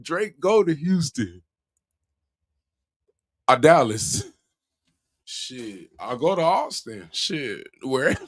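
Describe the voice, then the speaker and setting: A man's voice: mid-range voice, very animated, slow pace, long pauses. A man hosting a casual livestream, talking in loose slang, swearing freely and laughing often. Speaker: livestream host.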